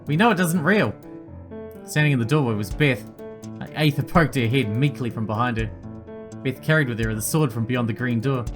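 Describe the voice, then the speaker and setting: A man's voice: mid-range voice, a little fast, soft background music. A man reading a text story game aloud, with blunt swearing asides. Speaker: let's-play narrator.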